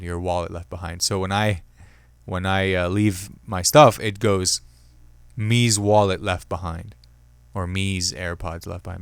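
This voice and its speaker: A man's voice: lowish voice, clear, resonant tone, no room sound, studio quality. A young man hosting his own comedy podcast, rambling and joking, amused at his own bits. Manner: rambling, self-amused, jokey. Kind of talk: solo comedy podcast chat.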